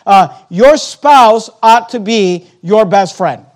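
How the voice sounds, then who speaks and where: A man's voice: high-pitched, lively intonation, slow. A man preaching a sermon as pastor, emphatic and conversational, repeating phrases and turning aside to address the congregation directly.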